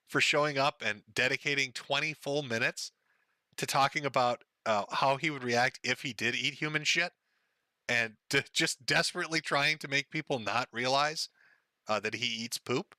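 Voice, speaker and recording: Bright, sarcastic older male streamer. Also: medium pitch, no room sound. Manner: sarcastic, profane, laughing. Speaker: streamer host. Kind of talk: mocking stream commentary.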